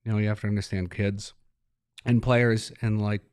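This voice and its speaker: A man's voice: fairly low pitch, level tone, moderate pace, darkish tone, clean tone, no room sound, studio quality. A man, a hockey coach talking in an interview, laid-back and rambling, laughing as he tells stories. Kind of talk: relaxed interview talk.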